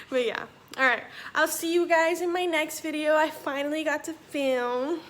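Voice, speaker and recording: A woman's voice: high voice, a little slow, fairly bright tone. A young woman telling a personal story in a casual vlog, chatty and rambling, acting out what others said. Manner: chatty, rambling, acts out quoted dialogue. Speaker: vlogger.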